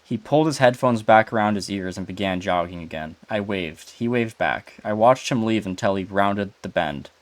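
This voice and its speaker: A man's voice: on the low side, normal speed, few pauses, no echo. A man casually reading a spooky internet story aloud, sometimes stumbling over words and chatting with a co-reader. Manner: stumbles over words and asks about them.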